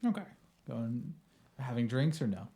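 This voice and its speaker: A man narrating a tabletop game as game master, relaxed and hesitant with many fillers. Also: medium pitch, a little slow, slightly rough.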